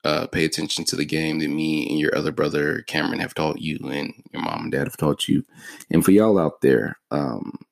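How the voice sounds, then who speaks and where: Deep raspy podcast guy in his 30s, laid back, cussing and joking thru his stories, dry sound. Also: fairly even intonation, normal speed, no room sound. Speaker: podcast host. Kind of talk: casual solo podcast storytelling.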